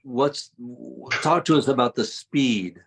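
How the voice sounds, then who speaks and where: A man's voice: mid-range voice, slow pace, creaky, breathy edge. A man hosting a video call interview, passing on viewer questions in an informal, hesitant way. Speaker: host.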